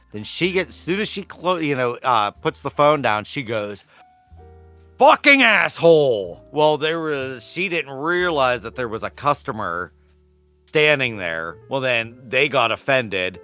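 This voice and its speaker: A man co-hosting a podcast, telling relaxed stories from work and home, laughing often and swearing casually. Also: mid-range voice. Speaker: podcast co-host. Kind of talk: casual chat.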